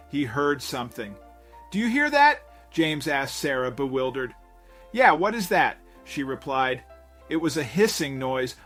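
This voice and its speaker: A man's voice: medium pitch, a bit bright. A man reading a scripted mystery story as narrator, with a dramatic storytelling delivery.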